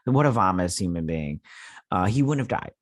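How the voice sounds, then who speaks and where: A man's voice: sits low, expressive, fairly quick, no echo, clean studio sound. A man in his thirties hosting a casual show recap, telling the story in a loose, rambling, amused way with many restarts. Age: 30s. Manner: amused, chatty.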